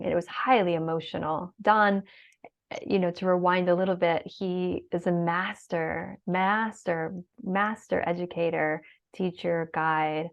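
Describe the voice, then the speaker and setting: Woman, middle-aged, heartfelt, gravelly voice, lo-fi dull recording. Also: on the low side. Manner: heartfelt, tearful at times, many fillers. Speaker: guest. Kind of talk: emotional interview conversation. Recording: dull lo-fi sound.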